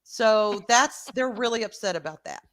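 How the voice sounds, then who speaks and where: A woman hosting a casual show review over a video call, animated and rambling with filler asides. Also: a little high, moderate pace. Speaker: host.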